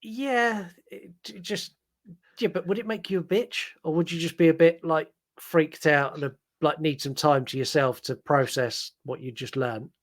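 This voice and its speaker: A man's voice: a little high, normal speed. A man co-hosting a podcast, chatting casually and rambling through a film recap with many "like"s and "um"s. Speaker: podcast co-host.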